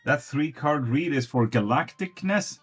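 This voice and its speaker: A man's voice: fairly high pitch, expressive, measured pace, slightly rough, faint music behind. A man giving casual tarot readings on a live stream, blunt and swearing freely.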